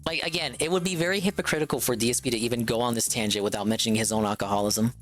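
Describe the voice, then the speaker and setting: A man's voice: mid-range voice, racing, fairly bright tone, faint music behind. A man streaming a reaction to a video, talking in a sarcastic, rambling way full of filler words.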